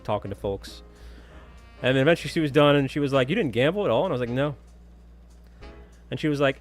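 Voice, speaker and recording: A man chatting casually with viewers during a live stream, telling stories and humming to himself. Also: mid-range voice.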